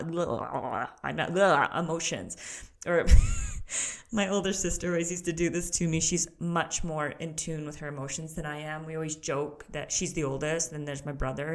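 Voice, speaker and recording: Candid, laughing woman podcast host. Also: low-pitched. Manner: candid, laughs often, talks to the listener directly. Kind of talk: casual solo podcast talk.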